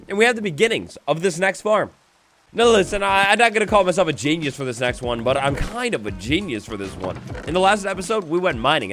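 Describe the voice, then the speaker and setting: A young man doing energetic, jokey commentary over his own game play, with bursts of mock drama. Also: sits high. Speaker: gaming YouTuber. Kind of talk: Minecraft let's-play commentary.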